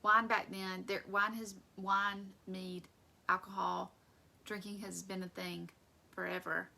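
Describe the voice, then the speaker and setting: Chatty woman with a gravelly voice. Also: mid-range voice, level tone, slow, sharp tone. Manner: chatty and conversational, acting out voices. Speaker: Bible study teacher. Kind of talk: casual Bible teaching.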